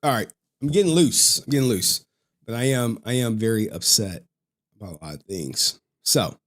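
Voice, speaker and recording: Profane, heated livestream host. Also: male voice, mid-range voice, expressive, normal speed, a bit bright. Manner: profane, heated, swearing constantly. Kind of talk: casual livestream rant.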